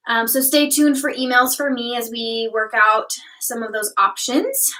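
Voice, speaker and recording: Bright young woman, a bit off-mic. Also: a little high, a little slow, far from the mic, poor audio. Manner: upbeat, chatty with many ums. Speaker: youth ministry co-host. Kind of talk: casual livestream chat.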